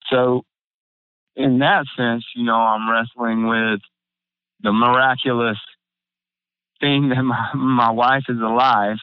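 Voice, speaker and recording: A young adult man tells a hard personal story in a halting, emotional way, with many fillers and restarts, close to tears. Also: mid-range voice, fairly even intonation, smooth, no echo. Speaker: guest. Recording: phone-like narrow band, dry.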